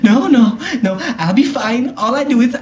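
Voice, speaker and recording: A man's voice: very high-pitched, normal speed, pitched above the performer's own voice. A man doing a comic impression of a breathless, dramatic young male superfan who gasps and laughs through a phone call. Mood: gushing, distraught. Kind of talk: comedic prank-call impression. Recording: echoey room with clear noise.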